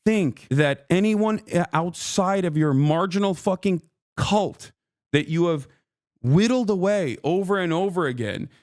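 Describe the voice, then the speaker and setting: A man's voice: sits high, lively intonation, a little slow, darkish tone, no echo, clean studio sound. A male streamer in a heated reaction rant, angry, swearing, and mocking.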